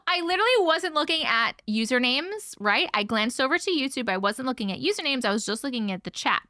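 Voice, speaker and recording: A woman's voice: sits high, lively intonation, a little fast, pushed and bright, no room sound. A woman hosting a livestream, chatting casually, laughing often and swearing now and then while she reads viewer stories aloud. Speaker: host reading viewer stories. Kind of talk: casual livestream chat and story reading.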